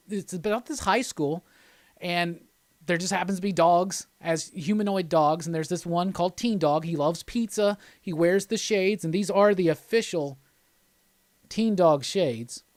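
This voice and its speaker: A man's voice: sits high, no echo. A man hosting a live stream, chatting casually in a loose, rambling, jokey way and reading out viewer comments.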